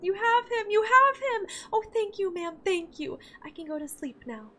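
A woman voicing a lost little ghost boy in a small, high, breathless voice. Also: sing-song, normal speed, bright, forceful tone, a little hiss or hum, full character voice. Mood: pleading.

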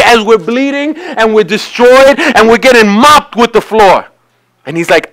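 A man's voice: very high-pitched, animated, normal speed, bright, forceful tone, rough recording. A man preaching a sermon as pastor in a church, talking conversationally and acting out quoted voices.

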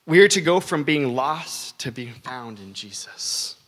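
A man's voice: medium pitch, animated, unhurried, a bit bright, slightly rough. A young man preaching a sermon as a youth pastor, telling stories energetically with frequent fillers.

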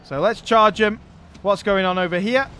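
A man's voice: sits high, normal speed, pushed and bright, slight background noise. A man giving let's play commentary on a strategy game, barking orders at his units and swearing when frustrated. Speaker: gaming channel host.

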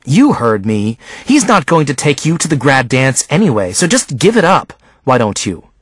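A man's voice: medium pitch, sing-song, moderate pace, breathy edge, dry recording, clean studio sound. A man voicing a mocking teenage girl in an audiobook, teasing and sarcastic. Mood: snide.

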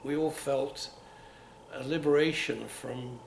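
Gravelly older Londoner reminiscing. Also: male voice, medium pitch, slow. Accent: London, between upper-class and Cockney. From England. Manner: rambling, with many restarts and repeats. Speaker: oral history interviewee. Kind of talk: unscripted reminiscing. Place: museum room. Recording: roomy with faint hiss.

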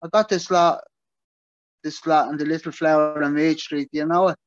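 A man reading aloud and voicing a rough, twitchy, boozy older uncle who lives rough in Dublin. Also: a little high, fairly even intonation, moderate pace, dry recording, dull audio, close to an everyday voice.

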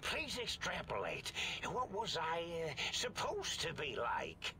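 A man's voice: on the high side, wildly swooping pitch, slow pace, sharp tone, slight background noise, heavily acted. A man voicing an eccentric old mad scientist in a video game who talks in a pedantic, wordy, theatrical way.

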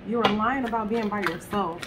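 A woman's voice: medium pitch, a little fast, background noise. Chatty woman doing a tarot reading. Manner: chatty, talks straight to viewers, swears casually. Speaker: tarot reader. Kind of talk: casual tarot card reading to camera.

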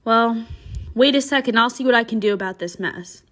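A brash, tough teenage hood speaks loud and offhand, read by a woman in a class read-aloud. He sounds careless and sure of himself. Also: fairly high pitch, fairly quick, pitched above the performer's own voice, lightly acted. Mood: cocky.

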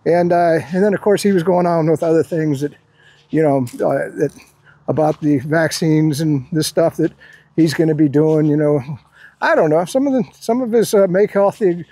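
A man's voice: a little high, normal speed, dark tone, no echo. A man chatting casually to his viewers in a loose, rambling way, full of fillers and restarts. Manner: rambling, hesitant, lots of fillers. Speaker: video creator.

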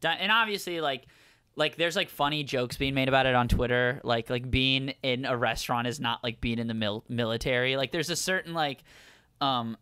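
Guy on a comedy podcast, bright clear voice, rambly and excited. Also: medium pitch, normal speed, no echo, studio quality. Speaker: podcast co-host. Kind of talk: casual chat.

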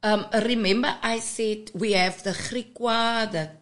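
A woman's voice: a little high, steady tone, measured pace, a bit bright. A woman, a radio guest patiently explaining and teaching how words are pronounced. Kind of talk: explaining on a radio talk show.

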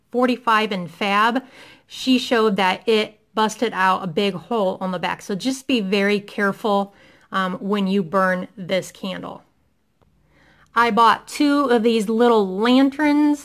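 Speaking in a medium-pitched, fairly bright voice, a middle-aged haul vlogger from Indiana, USA, eagerly runs through a product haul at home. The chat is casual and sprinkled with many ums.

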